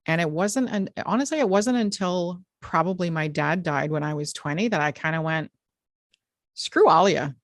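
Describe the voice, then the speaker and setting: A woman's voice: fairly low pitch, fairly quick, hardly any pauses, dry recording, clean studio sound. A woman hosting a podcast, talking in a frank, direct and emphatic way in candid conversation. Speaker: podcast host.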